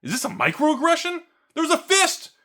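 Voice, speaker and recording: A man voicing a mocked, whiny, indignant man in an exaggerated high voice. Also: sing-song, brisk, sharp tone, heavily acted. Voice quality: shrill and exaggerated.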